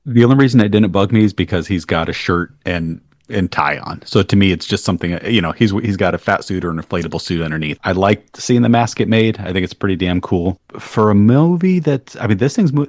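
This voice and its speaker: A man's voice: on the low side, no room sound. A man co-hosting a casual movie commentary podcast, rambling and restarting mid-sentence, swearing casually. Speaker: podcast co-host.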